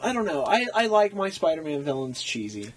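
A man's voice: a little high, big pitch swings. A man in a casual chat, blunt and opinionated. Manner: blunt, opinionated, quick agreement.

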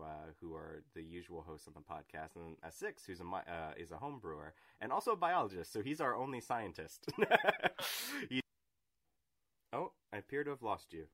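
A man's voice: deep voice, a bit bright. A man hosting a podcast, chatting casually and playfully about science and beer. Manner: playful, tries a silly put-on voice while joking about beer. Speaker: podcast host.

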